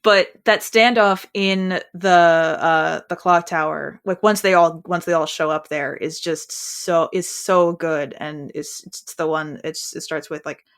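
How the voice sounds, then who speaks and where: Chatty woman podcaster, rambling and animated. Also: low-pitched, a little slow, few pauses. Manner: rambling, animated, trails off mid-sentence. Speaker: podcast co-host. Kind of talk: casual chat.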